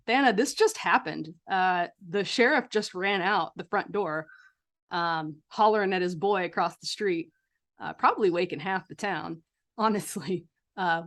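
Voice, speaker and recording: A woman's voice: mid-range voice, a bit bright. A woman narrating a horror tabletop game as game master, setting scenes like a film in a casual way.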